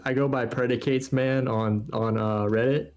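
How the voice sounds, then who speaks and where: A man's voice: medium pitch, steady tone, moderate pace, darkish tone, soft background music. A man calling into a live show, friendly and chuckling as he tells a story. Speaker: caller. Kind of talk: casual chat over a call.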